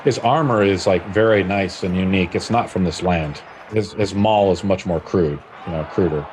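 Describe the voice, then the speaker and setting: A man's voice: sits low, moderate pace, background noise. A man narrating a tabletop game as game master, rambling with lots of fillers. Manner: rambling, lots of "like" and "you know".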